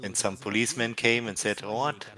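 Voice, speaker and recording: German man telling stories, lower voice. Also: steady tone, crowd noise. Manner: anecdotal storytelling, laughs often, halting restarts. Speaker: streamer. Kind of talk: casual chat.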